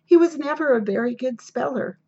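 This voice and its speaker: A woman narrating a children's biography in a steady, deliberate storybook reading, on a dull lo-fi recording. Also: high-pitched, slightly rough.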